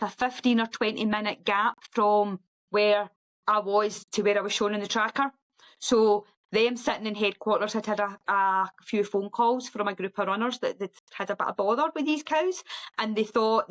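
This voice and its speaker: A middle-aged woman, a guest on a podcast, telling a story in a lively, animated way and acting out other people's voices. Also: rough recording. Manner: lively, acts out quoted voices in a high sing-song. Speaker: guest ultra runner.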